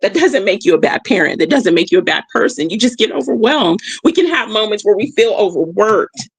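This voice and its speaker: A woman's voice: mid-range voice, lively intonation, fairly quick, creaky, breathy edge, dry recording. Emphatic woman host, dry close sound. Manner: emphatic, repeats key phrases, checks in with "okay?"; addresses listeners warmly as "y'all". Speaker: livestream host. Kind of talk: motivational reflection talk. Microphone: streaming mic.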